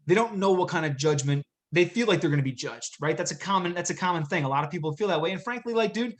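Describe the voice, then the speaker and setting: A man's voice: high-pitched, expressive, quick pace. A man talking as a guest in a casual podcast interview, upbeat and loose, with lots of "dude" and "like". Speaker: gym owner and podcast guest.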